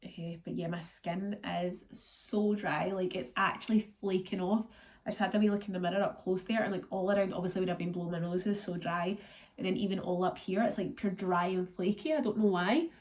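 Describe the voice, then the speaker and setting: A woman's voice: lowish voice, fast, darkish tone. Chatty Scottish woman with a cold. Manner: chatty, rambling, lots of fillers. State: congested and run down from illness. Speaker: vlogger. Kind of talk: casual vlog chat.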